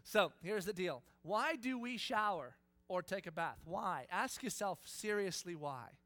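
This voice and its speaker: A man preaching a sermon, telling stories dramatically and swinging between a hush and a loud voice. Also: high-pitched, animated, a little slow, no room sound. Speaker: pastor. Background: congregation present.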